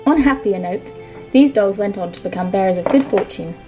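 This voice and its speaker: Woman reciting a ballad over soft music. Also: medium pitch. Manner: measured recitation. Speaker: co-host. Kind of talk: reading a poem aloud and narrating history.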